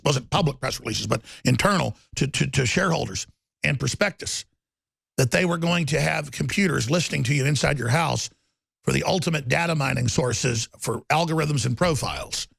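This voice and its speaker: A man hosting a political talk show, ranting rapidly and heatedly with stammering restarts. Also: fairly high pitch, creaky, a bit bright, no echo.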